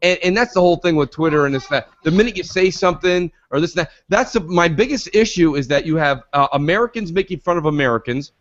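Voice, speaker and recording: A man rants loudly and profanely in casual podcast chat. His voice sits a little high and swings widely in pitch. The stream audio is dull and lo-fi. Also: lively intonation, fast, hardly any pauses. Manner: loud, ranting, swears a lot. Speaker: podcast co-host.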